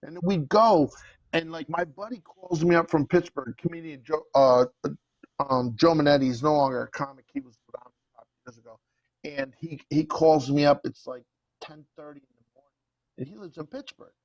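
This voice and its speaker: A man's voice: fairly high pitch, normal speed, rough recording. A middle-aged man from Brooklyn, chatting casually as a comedian guest and telling stories animatedly. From Brooklyn, New York. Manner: animated storyteller, acts out quotes. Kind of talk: casual chat. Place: home, remote call.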